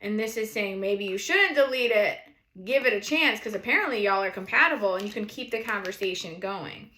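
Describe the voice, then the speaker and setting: Fast-talking woman with a New England accent. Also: mid-range voice, lively intonation, sharp tone, roomy sound. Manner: fast-talking, playful, laughs often. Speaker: tarot reader. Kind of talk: chatty tarot card reading.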